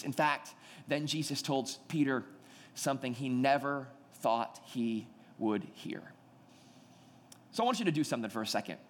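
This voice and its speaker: A male pastor delivers a sermon in a high, bright-sounding voice, acting out the people in his story. His words ring with the long reverb of a large hall. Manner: animated storytelling, acting out quoted dialogue.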